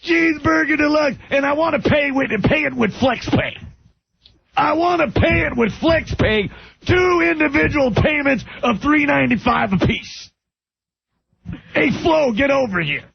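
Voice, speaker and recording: A man impersonating a loud, cranky TV pitchman who barks complaints at a diner waitress. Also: lively intonation, exaggerated voice. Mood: shouting. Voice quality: gravelly, shouting. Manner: barking complaints, rapid rant. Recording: dull lo-fi radio recording.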